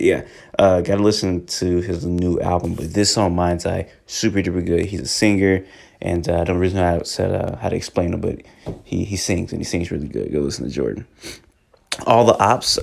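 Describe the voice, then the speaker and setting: A young man talking casually and excitedly about music as a reviewer, rambling in slang. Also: deep voice, gravelly. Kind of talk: casual chat.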